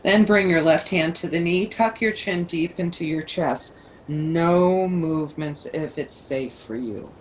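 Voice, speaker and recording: A woman leading a yoga class, giving calm, soothing cues. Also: low voice, measured pace, a little hiss or hum, poor audio. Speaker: yoga teacher. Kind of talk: guided yoga instruction.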